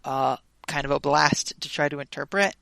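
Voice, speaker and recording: A woman's voice: deep voice, normal speed, gravelly, a bit bright, no echo. A woman guest on a gaming podcast, chatting casually and candidly, often hedging her opinions. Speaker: podcast guest, tabletop gamer. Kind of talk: casual chat.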